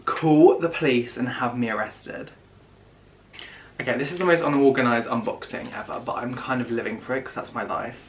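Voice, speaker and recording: Excitable young man unboxing. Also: medium pitch, moderate pace, a little hiss or hum. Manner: excitable, gasping, dropping to whispers. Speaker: vlogger. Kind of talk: casual unboxing vlog.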